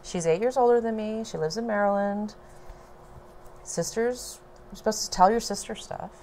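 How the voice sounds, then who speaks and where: A woman telling a personal story to a small audience at home, unhurried and low-key, with laughs between lines. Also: mellow, slight background noise.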